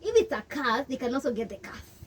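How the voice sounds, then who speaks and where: A young Kenyan woman with a Kenyan accent, telling her story in an interview and mixing English and Swahili in an animated way. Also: high voice, quick pace, far from the mic, slight background noise. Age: young adult. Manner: switches between English and Swahili, animated, laughs often. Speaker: interview guest.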